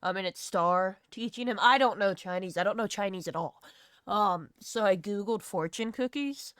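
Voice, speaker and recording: A woman with a Southern US accent chats casually on a live stream while drawing, rambling, laughing and swearing freely. Her mid-range voice is fairly bright and clean, moving at a moderate pace in a dry, clean studio recording.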